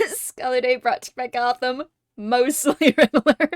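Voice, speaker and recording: A woman hosting a casual livestream chat with viewers. She laughs constantly, swears freely and gushes like an excited fan. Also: high-pitched, slow pace, no room sound, studio quality. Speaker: streamer host.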